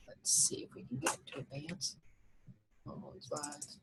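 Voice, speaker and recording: A woman's voice: low voice, fairly even intonation, measured pace, noisy background. A woman teaching a recorded lecture over slides, explaining step by step with frequent fillers and restarts.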